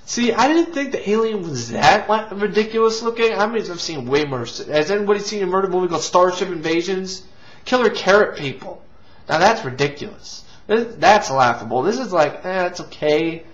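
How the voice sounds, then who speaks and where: A man's voice: sits high, animated, moderate pace. Guy ranting through a cheesy movie review, rambly, trips over his words, swears a lot, dull lo-fi mic. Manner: rambling, restarts, swears casually. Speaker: movie reviewer and show host. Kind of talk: casual movie review rant. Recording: lo-fi, dull sound.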